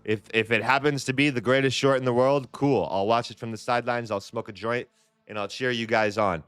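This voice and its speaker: A man's voice: medium pitch, fairly even intonation, fairly quick, a bit bright, clean tone, no echo, faint music behind. A man hosting a live trading stream in a loose, chatty way, repeating phrases and restarting his sentences. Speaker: livestream trading host. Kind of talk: casual live-stream chat.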